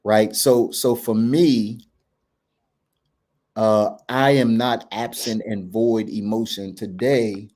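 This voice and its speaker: A man's voice: on the low side, steady tone, slow pace, darkish tone. A man, a men's coach hosting a candid talk, earnest and reflective, often restarting and checking in with "right?". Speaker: men's coach and podcast host.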